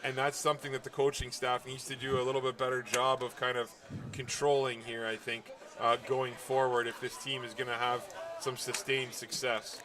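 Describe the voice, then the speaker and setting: A man calls a local football game in a relaxed, chatty way. He laughs easily and picks up speed when a play breaks open. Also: medium pitch, normal speed, hardly any pauses, a crowd in the background. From Northern Ontario. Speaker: color commentator. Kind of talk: live football commentary.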